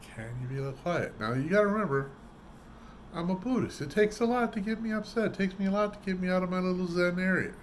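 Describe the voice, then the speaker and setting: A man's voice: high-pitched, fast, a little hiss or hum. A man vlogging, telling a casual story with lots of energy and acting out what people said. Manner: animated, acts out quoted voices. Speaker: trucker vlogger.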